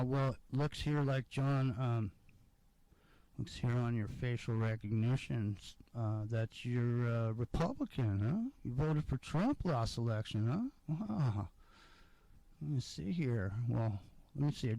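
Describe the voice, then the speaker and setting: A man's voice: mid-range voice, a little slow, mellow, no room sound, natural voice, rough recording. A man voicing a pushy male contact tracer at the door, mock-friendly and nosy.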